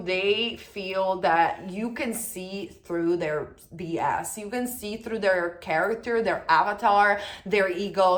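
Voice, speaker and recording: A woman giving a pick-a-card tarot reading, sure of herself and chatty. She hammers points home by repeating them and slows right down when she reads out the card messages. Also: medium pitch. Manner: emphatic, self-assured and chatty, repeats lines for stress. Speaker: tarot reader.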